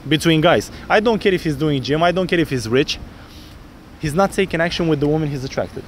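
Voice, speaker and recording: Animated male dating coach on a street. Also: fairly high pitch, brisk, slight background noise. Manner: animated, acts out pickup lines in different voices. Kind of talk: outdoor coaching talk. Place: city street outdoors.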